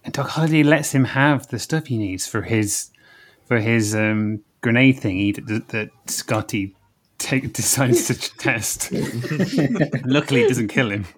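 A man talking in casual podcast chat, hesitant with many pauses and repeats. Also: mid-range voice. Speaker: podcast co-host.

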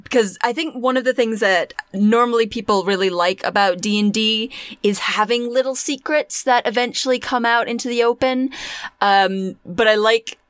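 Woman host, chatty and giggly, dry close sound, quick bursts. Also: on the high side, smooth, no room sound. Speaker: podcast host. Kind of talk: casual podcast chat.

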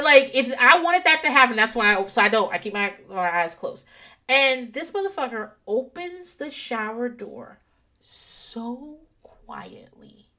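A woman in a casual, profane, animated chat, rambling through anecdotes and a TV recap from her home office. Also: fairly high pitch. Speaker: podcaster recapping a TV show.

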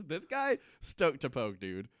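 A man's voice: medium pitch, wildly swooping pitch, slow, a bit bright, dry recording, clean studio sound. A man co-hosting a podcast, casually recapping a TV episode and acting out the characters in goofy voices. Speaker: podcast co-host.

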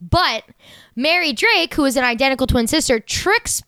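A young woman chatting excitedly on a podcast, swearing freely and rushing through asides. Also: high-pitched, no room sound. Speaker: podcast co-host. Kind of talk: casual chat.

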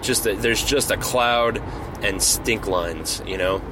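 A man's voice: lowish voice, slow. Rambling, playful male podcast host. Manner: rambling, lots of fillers and restarts, playful. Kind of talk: casual comedic storytelling. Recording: noisy home recording.

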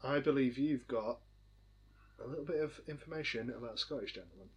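A man's voice: medium pitch, brisk, husky. A man co-hosting a casual chat podcast with dry, understated humor. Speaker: podcast co-host.

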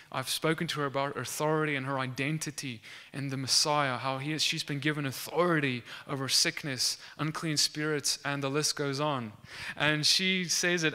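A man telling a faith testimony as animated storytelling, acting out the lines of the people in it. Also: a little high. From South Africa.

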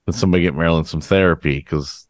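A man with a very low voice co-hosts a podcast in casual chat. He rambles, stringing thoughts together with a steady stream of "like". The recording is close and dry. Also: very fast, dry recording. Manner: rambling, heavy on filler words like "like". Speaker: podcast co-host.

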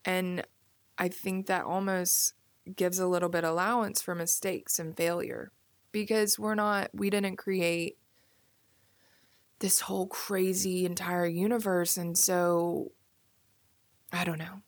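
A young woman hosting a solo podcast, musing casually with many "like"s and soft asides. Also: on the low side, flat delivery, slow, long pauses, dry recording. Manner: casual, musing, filler-heavy with frequent "like". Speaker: podcast host. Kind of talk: reflective solo podcast monologue.

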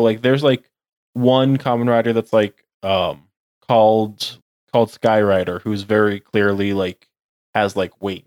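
A man's voice: lowish voice, darkish tone, no echo. Rambling young man chatting casually. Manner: rambling, heavy use of "like". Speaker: podcast co-host. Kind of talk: casual chat.

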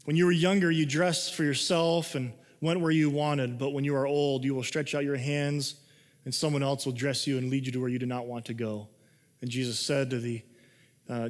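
A man preaching a sermon in a conversational way, reading scripture and explaining it, moving between excited and hushed delivery. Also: medium pitch, moderate pace. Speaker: pastor. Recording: long hall reverb.

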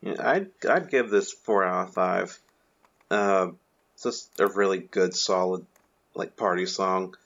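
A man co-hosting a podcast, making brief relaxed comments in casual chat. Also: low-pitched, a little slow, vocal fry. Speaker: podcast co-host. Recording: dull lo-fi sound.

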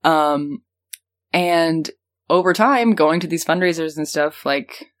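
A woman with a low-pitched voice speaks slowly while hosting a podcast, explaining the news in casual, rambling chat. She fills her talk with lots of "um" and "like" and laughs easily.

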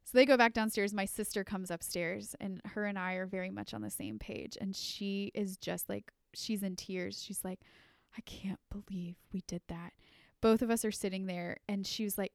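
A young adult woman co-hosting a podcast, telling a story in casual chat, animated and full of fillers, laughing as she goes. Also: medium pitch, normal speed, gravelly, clean tone, dry recording, studio quality. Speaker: podcast co-host.

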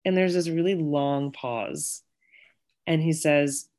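A woman's voice: deep voice, slow pace, a little mellow. A young woman from Connecticut and Virginia, a guest in an interview, telling her story casually with many fillers and acted-out quotes. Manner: chatty, many fillers, acts out quoted voices.

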